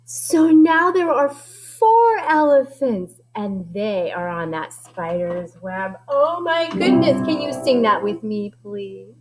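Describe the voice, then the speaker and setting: Sing-song woman music teacher, very high. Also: slow pace. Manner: sing-song and animated, singing lines for echoing. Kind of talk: teaching young children. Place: music classroom.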